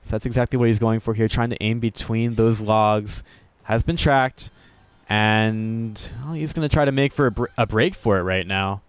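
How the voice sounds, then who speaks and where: A man's voice: on the low side, normal speed, smooth, no room sound. A man giving upbeat, jokey play-by-play commentary on a video game match, chuckling often and poking fun at himself. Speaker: esports commentator.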